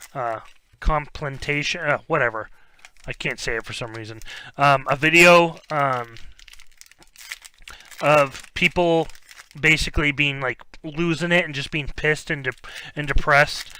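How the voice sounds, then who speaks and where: A young man hosts a card break, talking casually as he rips packs and calls out player names, rambling, tripping over names now and then, and breaking into bursts of excitement. His voice is a little high, with a slight hiss or hum in the recording. It's loose live-stream chatter while cards get opened.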